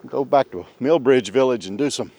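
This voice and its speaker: A man chatting casually on an outdoor vlog, hushing and coaxing while he walks and sits to listen for birds. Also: mid-range voice, moderate pace. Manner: hushed, coaxing, folksy. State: a bit out of breath. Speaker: vlogger. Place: outdoors in woods.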